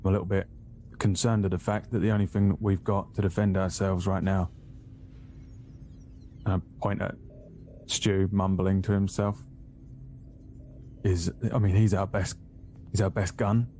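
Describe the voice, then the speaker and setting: A man's voice: low voice, little pitch movement, normal speed, long pauses, warm tone, faint music behind. A man talking casually and hesitantly as a player in a tabletop role-play. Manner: casual, hesitant, plain-spoken.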